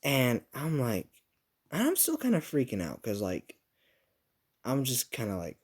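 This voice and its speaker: A man's voice: medium pitch, huge pitch swings, a little slow, long pauses. A young man telling a rambling, profane, self-mocking story about his school days in a casual vlog.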